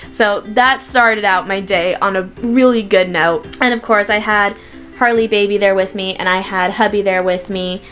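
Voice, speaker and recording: A young woman chats to camera in a casual vlog, telling stories and quoting people with animated little voices. Her voice sits at a middle pitch. Faint music plays underneath. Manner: chatty storytelling, quoting people in lively voices. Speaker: vlogger.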